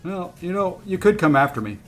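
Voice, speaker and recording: A gaming streamer plays a mobile fighting game, chatting casually to himself and his chat with a rueful, easygoing air and coaxing his opponent along. His voice is high-pitched and very animated, a little fast and fairly bright, with faint music in the background.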